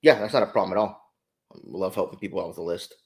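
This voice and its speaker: Low-key podcast co-host man. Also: fast talker, a little mellow. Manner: brief interjections, low-key. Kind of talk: casual chat.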